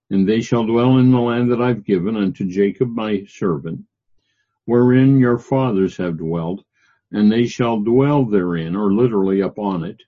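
A man teaching through Bible verses, reading passages aloud and explaining them in a halting way with many fillers, stressing key words. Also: lowish voice, mellow, breathy edge. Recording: dull lo-fi recording.

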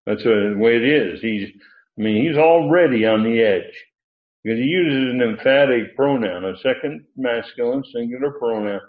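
A man's voice: mid-range voice, moderate pace. A man teaching a Bible passage verse by verse, explaining the Greek words with emphasis and correcting himself as he goes. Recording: tinny phone-like sound in an echoey room.

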